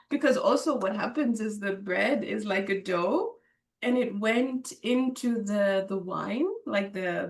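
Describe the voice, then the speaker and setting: A woman's voice: fairly high pitch, recorded from a distance. A woman telling a personal story in an interview, emotional and laughing often, with many fillers and restarts. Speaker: interview guest.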